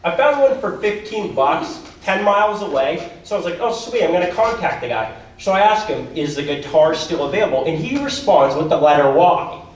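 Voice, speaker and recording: A man doing stand-up comedy at a talent show, rambling and self-deprecating, losing his voice. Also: sits high. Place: school auditorium stage with audience. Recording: echoey hall recorded from far off.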